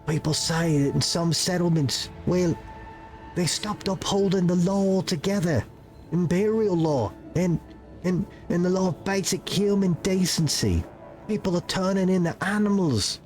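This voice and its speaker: A frightened young peasant rebel, played by a man, pleading in a rough put-on British accent and spilling words in a desperate rush. The voice sits noticeably higher than a normal speaking voice, with faint music playing underneath. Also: a little slow, a little mellow. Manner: urgent, pleading, breathless storytelling.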